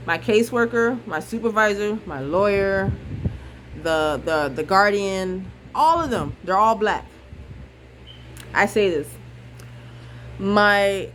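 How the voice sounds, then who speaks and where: A woman's voice: medium pitch, a bit bright, slight background noise, poor audio. A young woman venting on a vlog, frustrated and blunt, repeating herself and swearing freely. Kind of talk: emotional casual monologue.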